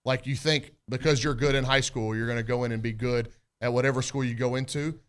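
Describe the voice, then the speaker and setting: A man hosting a sports radio discussion at an ordinary mid pitch. He drives home his points emphatically and addresses listeners directly. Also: steady tone, brisk, a bit bright, smooth. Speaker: radio host.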